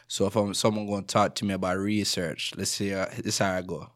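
A young Jamaican student, guesting on a casual podcast, speaks in an animated, slangy manner and laughs often. His voice is low-pitched and a little fast, with few pauses.

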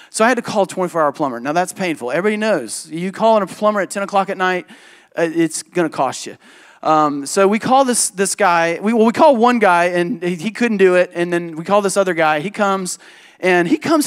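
A man who is a pastor, preaching a sermon and telling a personal story with animated, emphatic delivery and quick switches into other people's voices. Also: high-pitched.

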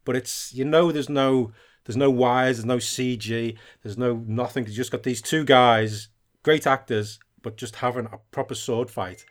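Male podcast co-host, keen but halting, lots of fillers, mid-range voice. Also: medium pitch, steady tone. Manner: enthusiastic, halting, many fillers. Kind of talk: casual podcast chat.

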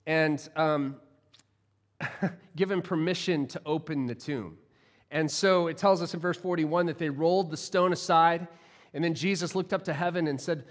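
A man's voice: fairly high pitch, normal speed. A man, a pastor, delivering a sermon in a conversational, playful way with frequent restarts.

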